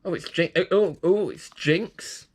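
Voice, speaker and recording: A man's voice: sits high, a little slow, a little hiss or hum. A man rambling through a casual toy unboxing, self-mocking and prone to fits of giggling.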